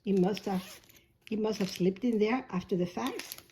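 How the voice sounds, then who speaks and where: Hoarse, chatty woman vlogger. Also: mid-range voice, moderate pace, dark tone, a little hiss or hum. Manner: rambling, self-correcting, chatty. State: hoarse, coughing. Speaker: shoebox-packing vlogger. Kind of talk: casual unboxing chat.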